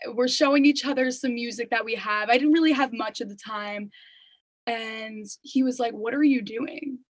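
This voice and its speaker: A young woman, a singer-songwriter guesting on an interview, tells her story in casual, chatty conversation full of "like" and "you know." Her voice is a little high at a moderate pace, with no echo on a low-quality recording.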